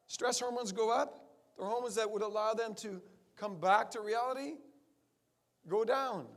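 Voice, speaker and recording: A man in his sixties speaks at a seminar with a notably high voice for a man. He talks emphatically and keeps tossing rhetorical questions at his audience of colleagues. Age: 60s. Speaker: chiropractor addressing fellow chiropractors. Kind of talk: seminar talk.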